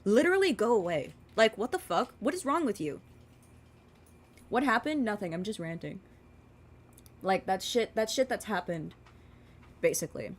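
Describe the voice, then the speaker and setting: A woman's voice: mid-range voice, big pitch swings, normal speed, pauses often. A woman in her twenties ranting casually as she does her makeup, rambling and swearing, with lots of filler words. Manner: rambling and profane, with many fillers. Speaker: vlogger.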